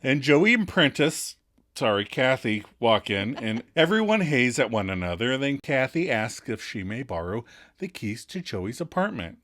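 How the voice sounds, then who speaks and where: A man's voice: medium pitch, sing-song, moderate pace, fairly bright tone. A man co-hosting a podcast, casually recapping sitcom episodes in a playful way. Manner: playful recapping, quotes characters with mock voices. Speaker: podcast co-host.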